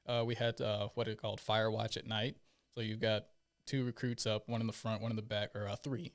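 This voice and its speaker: A man's voice: fairly low pitch, level tone, fairly quick. A man telling stories in casual podcast chat, acting out the voices of the people he quotes. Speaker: podcast guest, former Marine.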